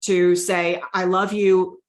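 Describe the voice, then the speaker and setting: A woman's voice: fairly low pitch, flat delivery, slow, echoey room. A woman guest on an interview show telling a personal story in an earnest, emotional way, often repeating her own prayers aloud. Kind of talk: heartfelt testimony interview.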